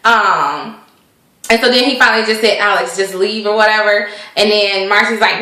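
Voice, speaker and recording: A woman chats through a TV episode recap in a loose, rambling way, laughing often and leaning on fillers. Her voice is bright and forceful, and it sits at an ordinary pitch. The room around her sounds echoey. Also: brisk. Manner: chatty, laughs often, uses many fillers. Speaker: vlog host reviewing a TV episode. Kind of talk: casual recap chat.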